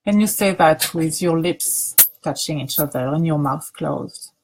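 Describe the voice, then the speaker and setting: A woman teacher leading a guided grounding practice, speaking softly with many pauses and restarts. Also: low-pitched, slight background noise. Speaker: meditation teacher.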